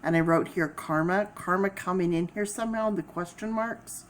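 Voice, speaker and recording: A woman's voice: lowish voice, normal speed, a little hiss or hum. A woman doing a casual tarot reading to camera, thinking aloud and repeating key words as she explains the cards. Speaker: tarot reader.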